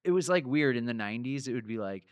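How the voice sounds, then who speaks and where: A man in his thirties hosting a podcast, relaxed and chatty, laughing easily and talking with plenty of fillers. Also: medium pitch, fast, clear, resonant tone, no echo. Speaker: podcast host. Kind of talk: casual chat.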